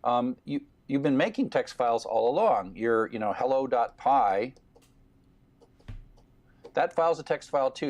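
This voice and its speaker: A man's voice: mid-range voice, darkish tone. A man giving a recorded programming lecture, explaining steadily with fillers.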